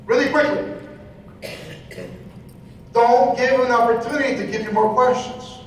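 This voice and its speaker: A man's voice: very high-pitched, unhurried, pauses often. A man giving a motivational seminar talk, preachy and repetitive, firing questions at the audience. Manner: preachy, repeats phrases, asks the audience questions. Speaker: motivational speaker. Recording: echoey hall, voice from far off, faint noise.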